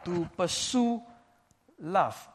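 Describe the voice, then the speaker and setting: A man delivers a sermon in a measured, emphatic way. He leans on repetition, saying key phrases twice for weight. His voice sits a little higher than most men's. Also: animated, breathy edge. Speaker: preacher.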